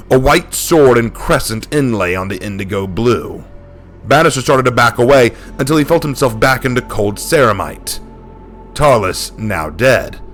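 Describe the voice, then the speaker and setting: A man telling a dark war story in a steady, dramatic scripted narration. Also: medium pitch, slight background noise.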